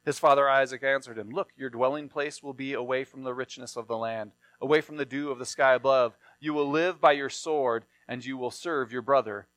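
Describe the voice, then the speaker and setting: A man's voice: mid-range voice, fairly even intonation, a little fast, few pauses, a bit bright, no room sound. A man reading a Bible passage aloud and then explaining it in a plain sermon style. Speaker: preacher.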